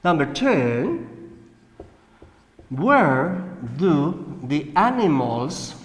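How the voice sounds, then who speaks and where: A man with a Colombian Spanish accent, a native Spanish speaker, teaching a slow classroom English lesson and often checking with "right?". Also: a little high, sing-song. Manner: slow, repeats words and asks "right?". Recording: echoey room with long reverb.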